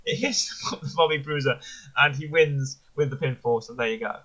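A medium-pitched man speaks at normal speed in a bright, forceful, slightly rough voice, with lo-fi sound quality. Co-hosting a casual wrestling review podcast, he rambles enthusiastically and corrects himself as he goes.

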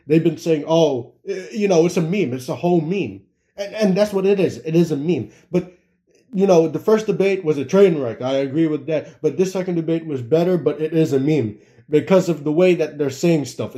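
Young male commentator, rambling and giggly, mellow tone, slightly raised pitch. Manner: rambling, laughing, many fillers and restarts. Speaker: political commentator. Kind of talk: casual political rant.

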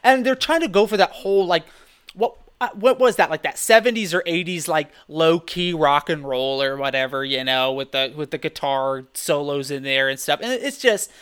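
A man co-hosting a podcast, rambling in animated, loose chat with lots of restarts. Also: a little high, moderate pace, clear, resonant tone. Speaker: podcast co-host. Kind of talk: casual chat.

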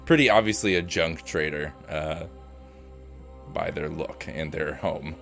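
A man's voice: a bass voice, unhurried, gravelly, fairly bright tone, faint music behind. A man running a tabletop game as game master, narrating loosely with lots of fillers.

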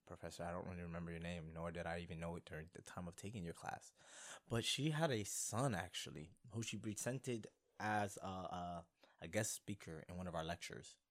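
Young man, podcast host, low pitch, rambling, excitable, lots of fillers. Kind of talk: casual solo podcast talk.

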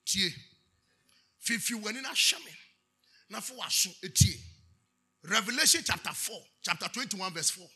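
A man with a Ghanaian English accent preaching a sermon, moving between chanted shouted declarations and quiet storytelling. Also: high voice, lively intonation, normal speed, long pauses, slightly rough, soft background music.

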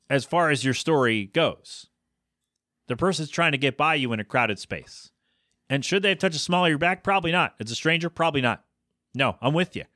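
A man hosting his own podcast, talking casually with plenty of fillers and self-corrections. He rants in exasperation, and his mid-pitched voice climbs when he gets worked up. The sound is dry and close, with no room echo. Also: pushed and bright. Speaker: podcast host. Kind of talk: casual solo podcast commentary.

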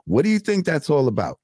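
Animated New York man hosting a podcast. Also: on the high side, breathy edge, dry recording, clean studio sound. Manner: animated, swears freely, drawn-out asides. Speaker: podcast host. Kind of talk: casual interview chat.

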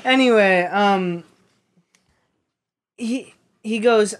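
A woman's voice: medium pitch, drawn-out words, noisy background. A woman casually telling a funny story on a podcast, swearing and laughing along the way.

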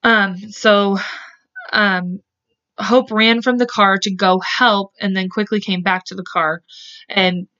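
Speaking slowly with fairly even intonation, this podcast host has a mid-range voice that is bright and forceful. She rambles through a true-crime story in a casual way, correcting herself and swearing without restraint, and the podcast audio is dull and lo-fi.

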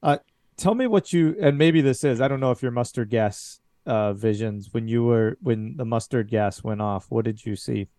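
A man narrating a tabletop horror game as game master, describing scenes in a slow, deliberate way. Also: mid-range voice, warm tone, no room sound.

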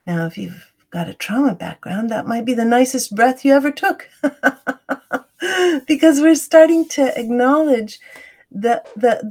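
A middle-aged woman with a breathy, somewhat high voice leads a calm meditation. She speaks slowly and gently, often laughing softly between her explanations. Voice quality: breathy, drops into soft whispers when guiding. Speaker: guest teacher of self-compassion. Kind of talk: guided meditation and interview talk.

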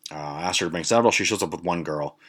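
Man, very low voice, casual storytelling, swears a lot, rambling with fillers. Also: racing, a bit bright, breathy edge. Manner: profane, rambling, many fillers. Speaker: podcast host.

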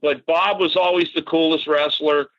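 Older man, chatty animated storyteller, slightly raised pitch, bright. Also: moderate pace, highs cut off. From Massachusetts, grew up in Florida. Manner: animated, mild swearing, frequent fillers. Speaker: podcast guest. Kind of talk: casual storytelling.

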